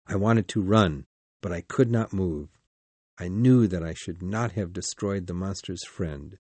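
A man's voice: lowish voice, darkish tone, no echo. A man narrating a first-person storybook in a dramatic, anxious reading style.

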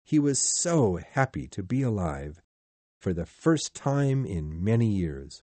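Man, storybook narrator, husky, lively pitch, speaks to the reader directly. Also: slow, no echo. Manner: addresses the reader directly, expressive.

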